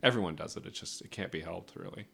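A man's voice: low voice, fast, gravelly, husky. A man who is a comedian, a guest on a podcast, talking casually and thinking aloud as he goes. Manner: relaxed, thinking aloud with restarts.

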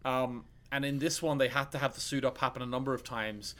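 This is a young man co-hosting a podcast and talking casually about films. He rambles and restarts his sentences often, and he fills the gaps with "um" and "uh". His voice sits at an ordinary middle pitch. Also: fairly even intonation, brisk, a bit bright. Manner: rambling, many restarts and fillers. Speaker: podcast co-host. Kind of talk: casual film chat.

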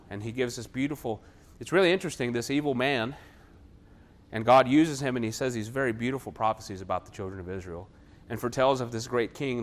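A man preaching a sermon, retelling a Bible story and acting out the figures' lines with a raised, animated voice. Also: lowish voice.

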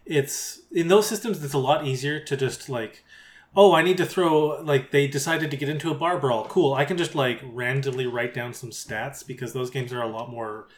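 Male host, rambling and conversational, average pitch. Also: normal speed, hardly any pauses. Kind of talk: casual interview chat.

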